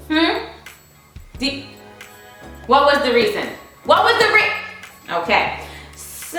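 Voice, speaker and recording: A woman's voice: mid-range voice, pushed and bright, far from the mic. A young American woman chatting casually through viewer questions, emphatic and repeating her points for stress. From United States. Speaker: vlogger answering viewer questions. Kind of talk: casual Q&A chat. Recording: very echoey room, faint music.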